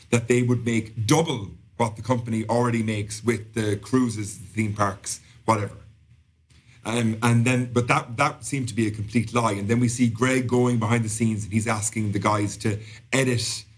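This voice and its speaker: A man, co-hosting a casual podcast and recapping a show in a chatty, rambling way. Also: lowish voice. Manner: chatty, rambling, quick asides. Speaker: podcast co-host.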